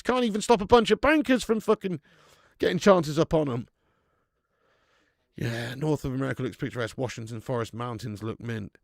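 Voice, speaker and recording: A young man running a live football watch-along, swearing and chatting with viewers between bursts of excited commentary. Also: mid-range voice, a little fast, vocal fry, no echo, studio quality. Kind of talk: live match commentary and casual chat.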